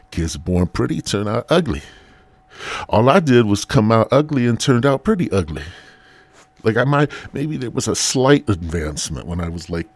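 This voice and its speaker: A man's voice: sits low, breathy edge. A man hosting a solo podcast, rambling through profane rants with whispered asides. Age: adult. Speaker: podcast host.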